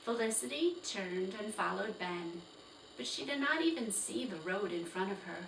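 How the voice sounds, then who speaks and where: A woman reading a children's chapter book aloud with slow, expressive storytelling. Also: medium pitch, vocal fry. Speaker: storybook reader. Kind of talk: children's read-aloud narration. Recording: roomy, distant, faint hiss.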